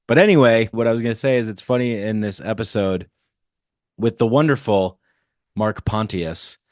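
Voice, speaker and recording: A man's voice: fairly low pitch, normal speed, darkish tone, dry recording. A man hosting his own podcast, introducing the episode in a jokey, self-deprecating, rambling way on a close microphone. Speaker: podcast host. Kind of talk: casual solo podcast intro.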